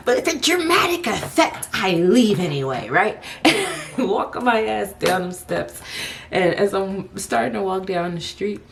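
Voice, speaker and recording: A woman's voice: medium pitch, sing-song, takes it slowly, gravelly, slight background noise. A young woman telling a personal story to the camera, casual and profane, breaking into laughter often.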